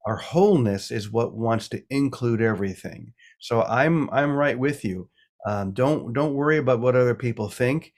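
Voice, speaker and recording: A middle-aged man with a mid-pitched voice speaks as a guest priest. He talks in a reflective, storytelling way and laughs easily. His pace is relaxed and unhurried. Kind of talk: casual spiritual talk.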